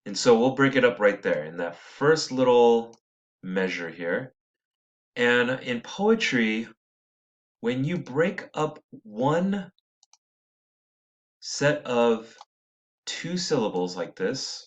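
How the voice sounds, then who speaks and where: A man gives a poetry lesson, reading lines slowly with stressed syllables and thinking aloud with small self-corrections. His mid-range voice is expressive, and the recording has its highs cut off.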